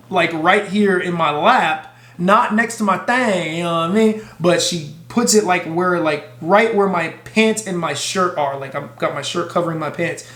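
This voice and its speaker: A man casually telling a profane, animated story to his camera. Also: sits high, roomy sound. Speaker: vlogger.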